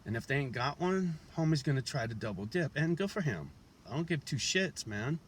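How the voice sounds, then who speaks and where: This man's voice is fairly high and brisk, with lively intonation and a touch of hiss or hum in the recording. Standing outside his house while showing it, he rambles to camera in a blunt, profane, slang-heavy way, a toothpick in his mouth.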